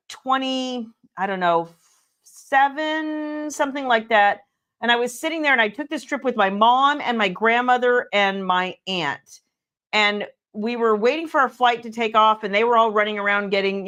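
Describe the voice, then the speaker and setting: A woman's voice: mid-range voice, a bit bright, clean tone. A middle-aged woman from California hosting a casual livestream, chatty, telling stories with lots of fillers. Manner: chatty storyteller with many fillers and restarts.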